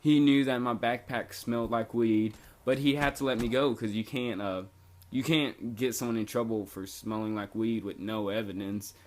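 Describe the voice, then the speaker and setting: A man's voice: medium pitch, steady tone, normal speed, darkish tone. A young man vlogging a casual storytime, rambling and laid-back, with lots of "like" fillers.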